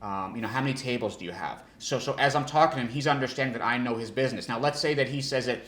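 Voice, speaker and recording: A male sales trainer giving an energetic coaching talk who restarts his sentences and demonstrates different tones. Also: medium pitch, racing, echoey room. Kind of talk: instructional talk.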